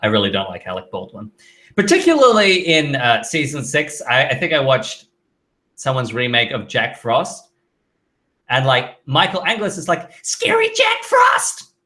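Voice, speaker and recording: A man's voice: mid-range voice, big pitch swings, moderate pace, pushed and bright. A man hosting a casual live stream, reading viewer questions aloud and answering them in an offhand, chatty way. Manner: reads out chat questions then answers offhandedly, with fillers.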